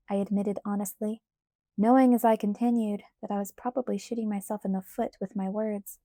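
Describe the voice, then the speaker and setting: A woman narrating a first-person audiobook in a steady, clear storytelling manner. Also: medium pitch, moderate pace, dry recording, clean studio sound.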